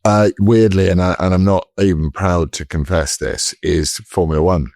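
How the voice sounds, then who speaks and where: Very deep-voiced man, rambling and jokey. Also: fairly even intonation, normal speed, darkish tone, no echo, studio quality. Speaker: podcast co-host. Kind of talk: casual chat.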